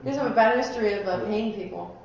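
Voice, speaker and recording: A young woman teasing her friends with quick remarks in a casual podcast chat. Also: fairly high pitch, darkish tone, a little hiss or hum. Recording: echoey room, away from mic, lo-fi.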